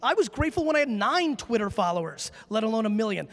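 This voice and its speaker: A high-voiced man speaks from a conference stage, brash and emphatic, swearing freely as he drives his points home. His voice rings out with the long reverb of a big hall. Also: animated, fairly quick, hardly any pauses, a bit bright. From United States. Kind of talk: live stage talk with audience Q&A.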